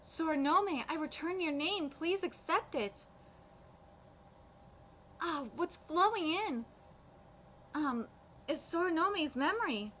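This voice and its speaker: A wistful ancient spirit looking back, read aloud by a woman. The voice is high and bright, with halting "um"s as the text is read cold. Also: lively intonation, a little hiss or hum, exaggerated voice. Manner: read aloud with hesitant fillers.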